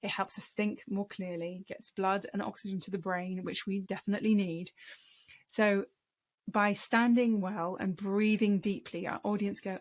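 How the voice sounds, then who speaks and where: A woman's voice: medium pitch, steady tone, normal speed. A woman, teaching public speaking skills to camera in an emphatic, encouraging coaching tone. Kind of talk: speaking-tips lesson to camera.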